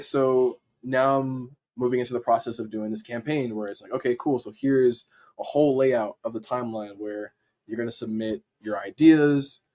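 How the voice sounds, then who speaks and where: A man, a podcast guest, telling a story in casual slang and acting out his own excited reactions. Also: mid-range voice. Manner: animated, acts out his own reactions in quotes; casual slang, frequent "like" fillers. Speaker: podcast guest, dancer and video editor.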